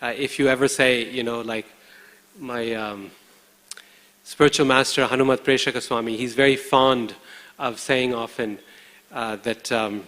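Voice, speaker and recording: A man from India giving a scripture class in a large temple hall, speaking in a measured, conversational way with many hesitant pauses. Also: medium pitch, steady tone, a bit bright. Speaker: preacher. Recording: long hall reverb.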